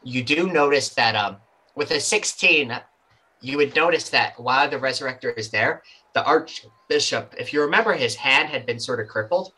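A man running a tabletop role-playing game, narrating the scene in a loose, rambling style full of asides. His voice is bright and forward. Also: mid-range voice, normal speed, slightly rough, rough recording. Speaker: game master.

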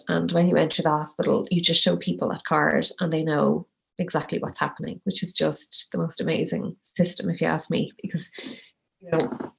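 A woman in her thirties tells a personal story as an interview guest, slowly and haltingly, with many pauses and fillers. Her voice sits low and carries a creaky, gravelly edge. She sounds close to tears. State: tearful. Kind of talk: emotional personal account.

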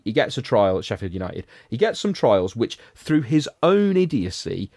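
A man's voice: on the low side, a little mellow, no room sound, studio quality. A man hosting a podcast, giving a sardonic, rambling recap of a film in casual chat. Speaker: podcast host reviewing a film.

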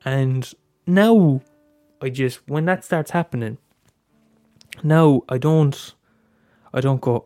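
A young Irish man hosting his own podcast in a relaxed, open way, swearing often and tripping into stammered restarts. His voice sits in a middle pitch, recorded dry and close with no room sound. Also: takes it slowly, dry recording, soft background music. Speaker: podcast host. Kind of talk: casual solo podcast talk.

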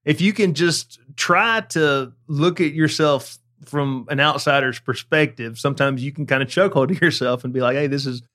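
A man's voice: a little high, normal speed, hardly any pauses, fairly bright tone. A man co-hosting a podcast in casual chat, making wry asides and laughing often. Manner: wry, giggly, reads listener questions. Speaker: podcast co-host.

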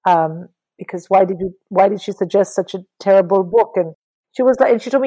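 Animated middle-aged woman guest. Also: medium pitch, brisk, rough recording. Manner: animated, swears, mimics people in quotes. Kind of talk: casual interview talk about books.

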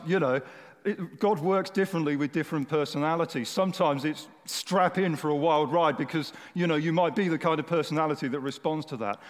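Brief: male preacher, chatty and humorous, slightly high voice, reverberant church hall. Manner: conversational, humorous, with fillers. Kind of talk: sermon. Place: church hall with a large audience. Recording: echoey hall.

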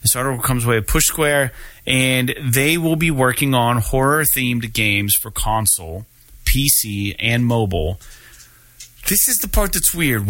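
The male host of this casual gaming news podcast has a mid-range voice that sounds pushed and bright, with no echo around it. He talks loosely, curses freely and fills his speech with filler words.

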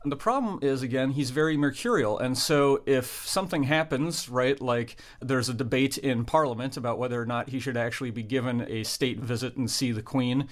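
A man's voice: mid-range voice, fairly quick, hardly any pauses. A man, a political analyst explaining points fluently in a panel discussion. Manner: fluent, explanatory, lightly jokey.

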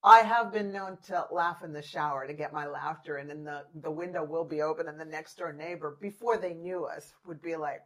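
A woman's voice: sits low, normal speed, fairly bright tone, rough recording. Encouraging woman who laughs easily. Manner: encouraging, laughs often, checks in with listeners. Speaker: podcast co-host. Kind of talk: casual chat.

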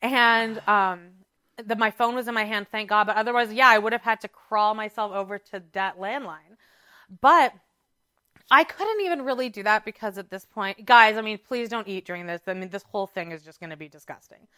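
A woman co-hosting a podcast recounts a story with animated, dramatic energy and lots of filler words. Her voice is bright and crisp. The sound is dry and close. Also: mid-range voice, brisk, dry recording. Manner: animated, dramatic retelling with many "like"s. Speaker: podcast co-host. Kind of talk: casual storytelling chat.

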